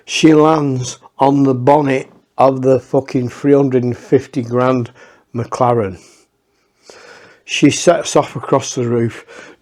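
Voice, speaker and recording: A man's voice: medium pitch, a little mellow. A man telling a rambling, profane anecdote in a casual way, with many restarts. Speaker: storyteller.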